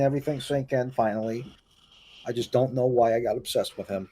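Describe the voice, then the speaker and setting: A man talking on a voice call through tears. He stammers and restarts often, his words halting and unsteady. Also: medium pitch, steady tone, mellow. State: crying. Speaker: call participant. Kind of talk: emotional voice call.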